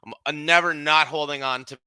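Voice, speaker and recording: Bright-voiced rambling male co-host. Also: a little high, a little fast, smooth, no room sound. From Canada. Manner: rambling, relaxed, lots of fillers and restarts. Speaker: podcast co-host. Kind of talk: casual sports podcast chat.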